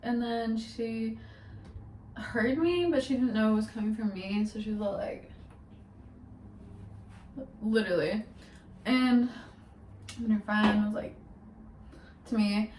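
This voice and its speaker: A woman's voice: fairly high pitch, echoey room, recorded from a distance, slight background noise, poor audio. Chatty young woman, rambling storytime vlog. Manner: chatty, rambling, full of "like" and "literally". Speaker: vlogger.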